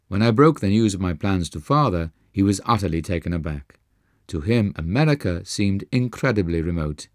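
A man narrating a memoir as an audiobook, with an earnest, measured reading. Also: low-pitched, animated, no room sound, studio quality.

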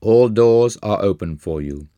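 A man voicing a calm, wise old guru who speaks simply and with certainty, in a low voice. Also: measured pace, dry recording. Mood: assured. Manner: calm, simple, assured delivery.

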